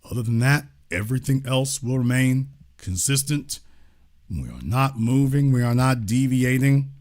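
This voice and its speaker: A man hosting a live-stream talk show, making casual, mocking commentary with animated asides. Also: medium pitch, moderate pace. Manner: animated, mocking, slips into mimicked voices.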